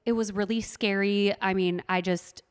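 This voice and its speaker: A candid woman in her thirties, speaking openly as a podcast guest at a middle pitch. Her voice rings out with a long reverb from the room around her. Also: steady tone, moderate pace, clear, resonant tone. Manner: candid, open storyteller. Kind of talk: casual chat.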